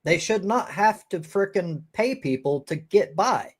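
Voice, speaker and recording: A man's voice: high-pitched, expressive, measured pace, breathy edge. A man hosting a live-stream debate, arguing emphatically and swearing often. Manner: emphatic and profane, with frequent restarts. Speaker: host.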